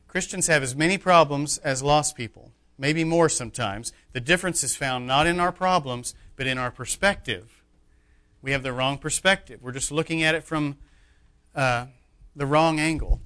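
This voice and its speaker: A pastor delivering a sermon in a bright, forceful voice that sits somewhat high for a man. He preaches emphatically, rising to loud declarations and dropping to hushed asides.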